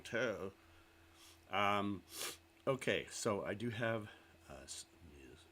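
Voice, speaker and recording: A man's voice: on the low side, animated, slow pace, pauses often, sharp tone, slightly rough. A man hosting a live stream, chatting casually with viewers in a rambling, self-deprecating way. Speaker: livestream host.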